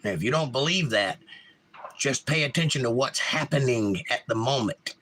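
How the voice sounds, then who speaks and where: A man's voice: mid-range voice, lively intonation, moderate pace, fairly bright tone. A man hosting a casual live stream, giving blunt opinions and answering viewers' chat messages. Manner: opinionated, reads chat aloud and talks back. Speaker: livestream host.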